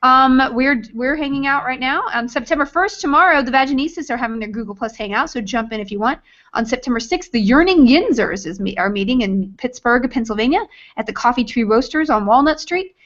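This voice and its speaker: Woman, book club host, casual chatter, high voice, lo-fi video call. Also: lively intonation, fairly quick, fairly bright tone. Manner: chatty, announces meetups with playful asides. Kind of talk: casual video hangout chat. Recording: dull lo-fi video call audio.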